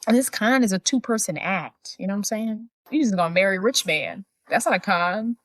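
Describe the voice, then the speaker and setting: A woman co-hosting a podcast, casually recapping a film and acting out the characters' lines in animated bursts. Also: mid-range voice, brisk, dry recording. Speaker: podcast co-host.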